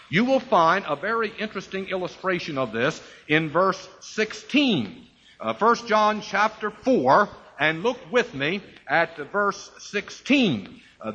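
Man preaching, emphatic, bright tense voice, dull lo-fi recording. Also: high voice. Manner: emphatic, slows down to stress key phrases; asks rhetorical questions and answers them. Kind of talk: expository Bible teaching.

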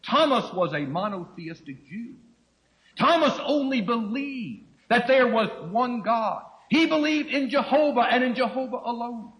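Middle-aged male preacher, high and very animated voice, expository teaching that acts out the quotes. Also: measured pace, poor audio. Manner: expository Bible teaching, acting out quoted speech. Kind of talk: sermon.

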